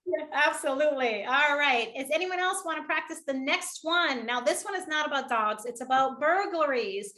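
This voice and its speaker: A woman leading an online public speaking workshop, energetic and encouraging, often laughing. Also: high voice, normal speed. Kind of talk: upbeat online workshop coaching.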